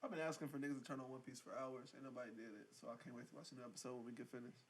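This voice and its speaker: A man co-hosting a casual podcast, chatting and cutting in with quick jokes. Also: mid-range voice, flat delivery, a little hiss or hum. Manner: fast, joking interjections. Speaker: podcast co-host. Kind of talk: casual chat.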